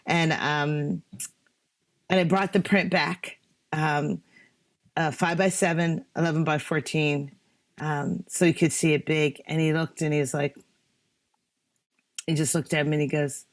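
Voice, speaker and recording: A woman with a notably low voice recounts a personal story during a talk. She speaks haltingly, full of fillers and restarts, with real emotion in her telling. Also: steady tone. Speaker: photographer guest speaker.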